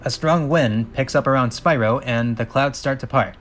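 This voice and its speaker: A man's voice: mid-range voice, normal speed, fairly bright tone. Man reading a script with sarcastic asides. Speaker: channel host reading a script.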